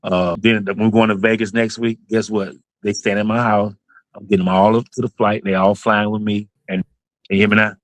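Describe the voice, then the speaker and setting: A man's voice: lowish voice, little pitch movement, a little fast, dry recording, poor audio. A man, a basketball club owner and coach telling his story in an interview, earnest and emotional, going over points again and again.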